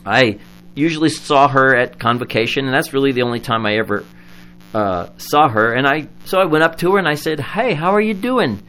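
A man's voice: medium pitch, clear, resonant tone, low-quality recording. Earnest male Lutheran pastor preaching. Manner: earnest storytelling, lively when recounting a story. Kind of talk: sermon.

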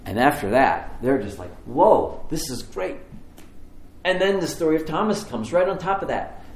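A male pastor preaching a sermon, telling the story with animated voices for the people in it. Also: a little high, moderate pace, roomy sound. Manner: animated storytelling, acts out dialogue.

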